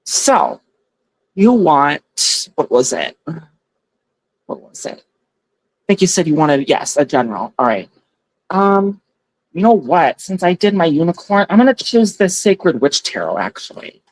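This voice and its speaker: A woman's voice: sits low, big pitch swings, unhurried, darkish tone, no room sound. A woman hosting a casual tarot livestream on her phone, chatty and giggly, thanking viewers by name as she reads their comments. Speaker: tarot reader and livestream host.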